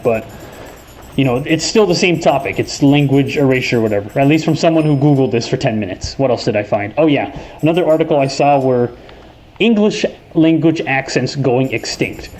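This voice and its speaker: A young man from New York talks at a home desk mic, voice of ordinary middle pitch. He rambles, backtracks and drops curses mid-thought. A faint room hum sits underneath. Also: darkish tone, low-quality recording. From New York, USA. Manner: rambling, profane, self-correcting. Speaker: host. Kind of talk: casual gaming chat. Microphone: desk microphone.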